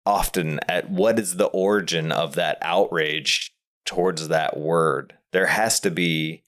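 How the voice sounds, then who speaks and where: A man's voice: sits low, steady tone, slow, a bit bright. A man co-hosting a podcast, discussing a film in a thoughtful way and searching aloud for his words. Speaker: podcast co-host. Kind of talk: casual movie discussion.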